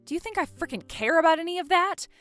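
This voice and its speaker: A woman's voice: very high voice, expressive, fast, fairly bright tone, faint music behind. A woman playing a fed-up, exasperated wife in a dramatized story, talking indignantly. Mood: frustrated.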